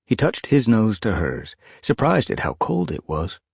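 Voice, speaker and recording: A man narrates a children's fantasy audiobook in a deep, husky voice. His delivery is lively and expressive, and the recording is close and dry. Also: measured pace, no room sound. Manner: expressive storytelling. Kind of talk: scripted narration.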